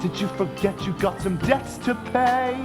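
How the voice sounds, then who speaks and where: A young performer singing as a foreboding narrator in a live school musical. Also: female voice, medium pitch, lightly acted. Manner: slow, foreboding. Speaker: stage performer. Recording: stage singing over loud music.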